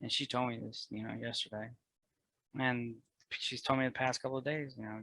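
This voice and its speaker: Man, podcast guest, gravelly bright voice, earnest and emotional, dry close sound. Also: medium pitch, little pitch movement, brisk, no echo, poor audio. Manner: earnest, emotional, grows loud and fervent about faith. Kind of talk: candid personal conversation.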